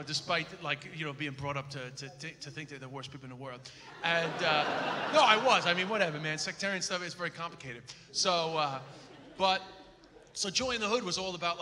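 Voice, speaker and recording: A man, a comedian, telling stories with lots of swearing at a live interview in front of an audience. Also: fairly high pitch. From Ireland. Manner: swearing, storytelling, animated. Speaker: comedian guest. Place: large hall with live audience. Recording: echoey hall with audience.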